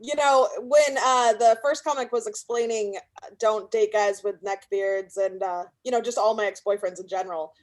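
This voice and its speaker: A woman's voice: medium pitch, steady tone, normal speed. A woman from California doing a brash, profane, self-mocking stand-up set. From Sacramento, California. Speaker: stand-up comedian.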